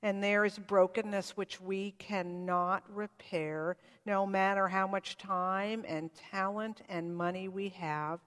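A woman pastor preaching a sermon in a church, heartfelt and reflective, leaning into some phrases and letting others fall quiet. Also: medium pitch, steady tone, takes it slowly, hardly any pauses, long reverb tail.

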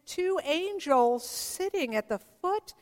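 A woman pastor preaching a sermon in a church, telling the story slowly and reflectively with dramatic pauses. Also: extremely high pitch, animated, darkish tone. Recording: long reverb of a large hall.

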